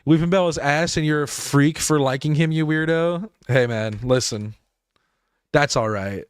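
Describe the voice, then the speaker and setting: A man's voice: a little high, measured pace, clean tone, no room sound. A man streaming a game live, rambling and laughing as he talks to his chat.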